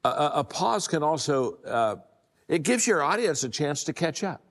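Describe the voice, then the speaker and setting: A man's voice: a little high, big pitch swings, normal speed, long reverb tail. An older man giving a folksy motivational talk on communication and leadership, often repeating his first words as he starts a sentence. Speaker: leadership speaker.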